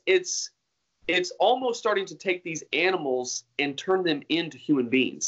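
In a casual interview, a hunting guest answers earnestly, rambling and restarting many times. His voice is a little high and a bit bright, with the upper frequencies cut off.

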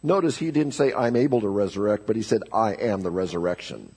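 Man, pastor, sermon, gravelly, husky, rising and falling emphasis. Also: fairly low pitch, lively intonation, a little fast. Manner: preaching with swings from quiet to loud emphasis. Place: church sanctuary.

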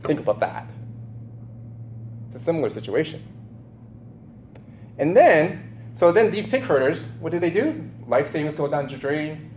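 Man preaching, lively swooping voice, fairly high, roomy echo, faint hum behind. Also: unhurried, pauses often. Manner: animated, asks the listeners questions, acts out quotes. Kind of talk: conversational sermon, Bible teaching.

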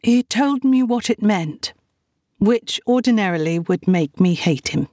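A woman voicing a lively, teasing young sister in an audiobook, eager and bubbly. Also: mid-range voice, unhurried, dry recording, clean studio sound, pitched above the performer's own voice.

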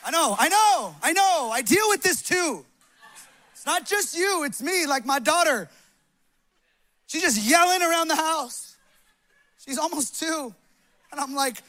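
A young male pastor preaches with a very high voice and a bright, ringing edge. He speaks loudly and with animated passion in a church hall, pushing his congregation to act. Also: normal speed, pauses often. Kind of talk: sermon.

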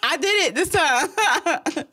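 A woman in her mid twenties co-hosting a podcast in casual chat, giggly and quick to react. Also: high-pitched, lively intonation. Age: 20s. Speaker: podcast co-host.

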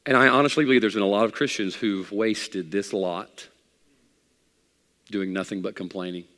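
A male pastor preaching a sermon, swinging between loud, high exhortation and quiet, low asides to his congregation. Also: steady tone, moderate pace, long reverb tail.

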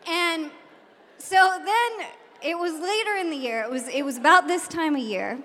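A woman, a teacher, telling a personal story live on stage, animated and laughing, acting out the shouted lines. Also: extremely high pitch, moderate pace, a little hiss or hum. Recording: long hall reverb.

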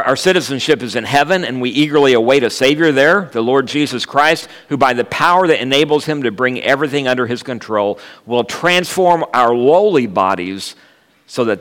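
Fifties guy preaching, cracking jokes and telling stories, mid pitch voice, big echoey church. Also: normal speed, a bit bright. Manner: humorous, storytelling, jokes with the congregation. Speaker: guest preacher. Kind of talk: sermon. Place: church sanctuary. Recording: long church reverb.

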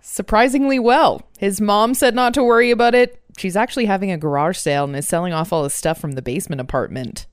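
A woman doing comic mock-news field reports in a chatty, playful way. Her voice is smooth and clear, with dry, close sound. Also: mid-range voice, fast, few pauses, no echo. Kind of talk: comic in-character banter.

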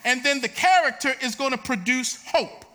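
A man preaching a sermon, swinging between shouted lines and quieter teaching. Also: extremely high pitch, normal speed. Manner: shouting, preaching with rising intensity.

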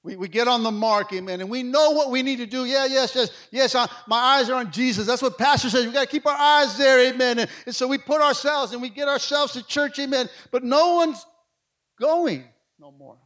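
A middle-aged man preaching a sermon, with energetic delivery that swings from loud calls to hushed asides. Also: extremely high pitch, brisk. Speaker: pastor.

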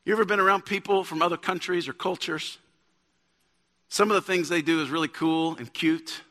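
Speaking at a steady tone and normal speed, a thirty-something pastor gives a casual sermon that swells into forceful bursts. His pitch is high, his sound clear and bright, with long church reverb trailing each line in the sanctuary.

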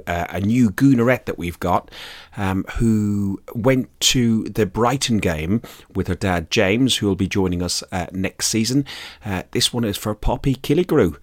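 A man with an Irish accent hosting a casual chat podcast, tired and rambling, joking about himself. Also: lowish voice. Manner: joking, rambling, self-mocking. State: tired after a long drive and a late night. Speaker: podcast host.

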